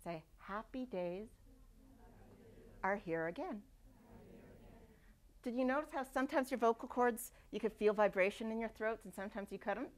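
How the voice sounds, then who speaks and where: A woman giving a university lecture, lively and demonstrating speech sounds aloud. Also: fairly high pitch, fast, hardly any pauses. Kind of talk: classroom lecture. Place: lecture hall.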